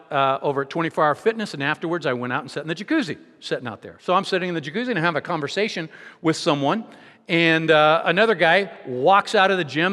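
A high, lively male preacher who tells his story with rhetorical questions. His tone is bright and forceful, and it rings through a long-reverb hall. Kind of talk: sermon with a personal story.

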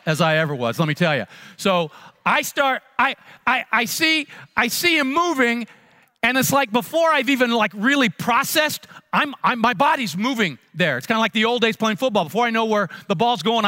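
A man, a pastor, telling a funny story in a sermon with animated, self-mocking comic timing. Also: extremely high pitch.

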